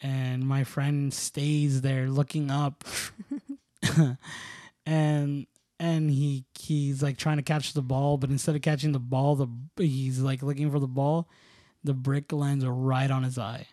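A man's voice: mid-range voice, little pitch movement, slow pace, warm tone, no room sound, studio quality. A man telling childhood stories in a casual chat. He rambles, restarts and fills his talk with "like", with bursts of laughter. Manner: rambling, filler-heavy, many "like"s and restarts.

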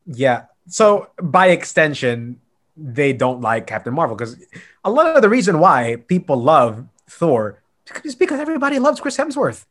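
Male co-host, animated, laughs a lot, slightly high, very expressive voice. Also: normal speed. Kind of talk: casual chat.

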